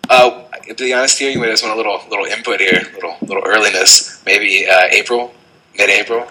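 A man's voice: fairly low pitch, fairly even intonation, brisk, bright, forceful tone, poor audio. A man from Ohio joining a podcast as a guest, joking and laughing often. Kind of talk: casual banter.

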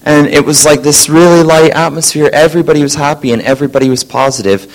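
A science teacher telling a group a lively story about his day, acting out the voices of colleagues. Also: fairly high pitch, fast talker, poor audio. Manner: animated, acts out quoted voices. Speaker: science teacher sharing a testimony.

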